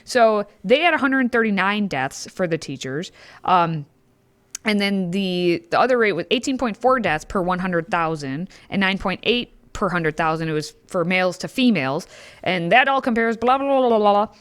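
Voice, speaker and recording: A woman's voice: medium pitch, animated, moderate pace, fairly bright tone, clean tone. A woman co-hosting a political talk show, reading news with sarcastic asides and playful sound effects. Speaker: co-host.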